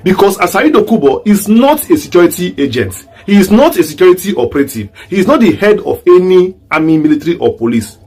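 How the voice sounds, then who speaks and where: A man's voice: high-pitched, very animated, fast, few pauses, a little mellow, breathy edge. A man from southeast Nigeria with a Nigerian accent, giving an online commentary monologue full of rhetorical, repeated questions. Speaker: political commentator.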